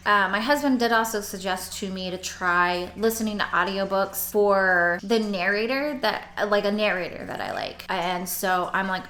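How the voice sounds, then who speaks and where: Bright-voiced chatty woman vlogger. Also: medium pitch, moderate pace, few pauses. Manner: rambling, chatty, with restarts and laughs. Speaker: book vlogger. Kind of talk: casual chat to camera. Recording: roomy echo.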